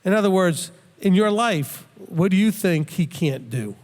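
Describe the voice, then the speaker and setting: Earnest high-voiced man teaching in a reverberant hall. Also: animated, measured pace. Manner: earnest, plain-spoken, repeats words as he thinks aloud. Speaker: Bible teacher. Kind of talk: conversational Bible teaching.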